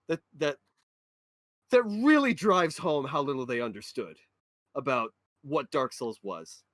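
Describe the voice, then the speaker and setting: A man's voice: medium pitch, lively intonation, a little slow, fairly bright tone, no echo. A man in a casual podcast chat, passionately ranting about a game. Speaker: podcast co-host or guest.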